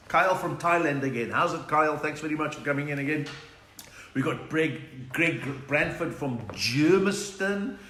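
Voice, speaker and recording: South African comedian in an echoey room. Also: male voice, mid-range voice, a bit bright, slight background noise. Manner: chatty, joke-telling, reads out viewer comments. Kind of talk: live-streamed stand-up chat. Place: home room during lockdown.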